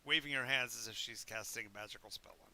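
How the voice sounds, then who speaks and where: A man's voice: on the low side, fast, very noisy. A man narrating a tabletop game as game master, rambling into asides and stumbling over repeated words.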